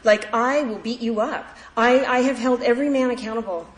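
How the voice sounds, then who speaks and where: A woman speaking at an AA meeting tells her recovery story in a somewhat high voice, talking a little fast and casually, often restarting and using lots of fillers. She's recorded in an echoey hall with faint ambient sound.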